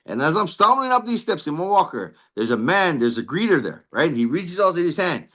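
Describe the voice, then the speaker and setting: A man's voice: on the high side, big pitch swings, a little fast, a bit bright. A man with a Hawaiian Pidgin-inflected accent giving an earnest personal recovery testimony, tagging nearly every phrase with "right?" and restarting often. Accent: Hawaiian Pidgin-inflected English. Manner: frequent restarts and stammered repeats. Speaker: recovery meeting speaker.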